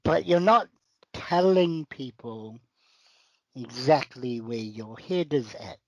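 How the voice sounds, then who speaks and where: A man's voice: mid-range voice, slow pace, highs cut off. A man hosting a casual talk, giving advice and breaking things down step by step. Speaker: podcast host giving advice. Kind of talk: casual conversation.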